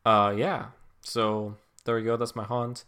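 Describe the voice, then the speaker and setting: A man's voice: fairly low pitch, little pitch movement, measured pace, bright, forceful tone, clear, resonant tone. A man co-hosting a comedy podcast, rambling through absurd musings in casual chat. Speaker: podcast co-host.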